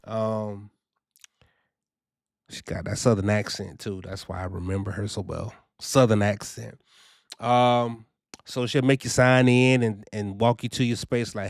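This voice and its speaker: A young man talks in a loose, animated vlog style, filling his speech with "you know" and "man." His voice is smooth and clear at a middling pitch. The recording is dry and close. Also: a little slow, no room sound. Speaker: trucking vlogger. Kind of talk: casual first-person review.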